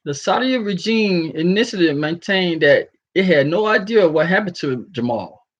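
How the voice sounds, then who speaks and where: A man's voice: sits high, lively intonation, normal speed, a bit bright, highs cut off. A man talking in a casual, freestyling vlog commentary and reading an article aloud, stumbling over some words. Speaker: vlogger.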